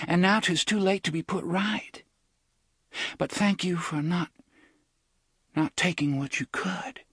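A man's voice: a little high, fairly bright tone, slightly rough, no echo, studio quality, voice pushed up, heavily acted. A man voicing a tearful young woman in love, speaking in a trembling, pleading way.

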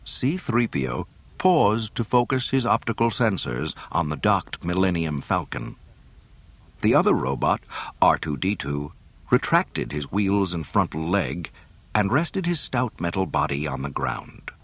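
Deep husky male storyteller. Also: a little slow, no room sound. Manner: expressive, voicing every character. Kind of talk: dramatic storybook narration.

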